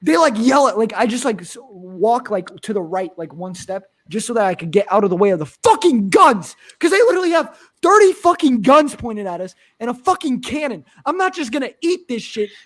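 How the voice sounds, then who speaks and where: Young guy from pennsylvania, high voice, swearing a lot while he tells a dream story. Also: very animated, a little fast, hardly any pauses, fairly bright tone. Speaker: streamer. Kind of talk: casual chat.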